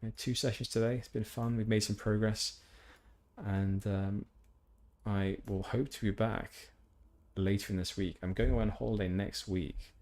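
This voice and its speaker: A man's voice: low-pitched, darkish tone. A man streaming a game, chatting casually with rambling, self-deprecating asides. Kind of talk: casual gameplay commentary.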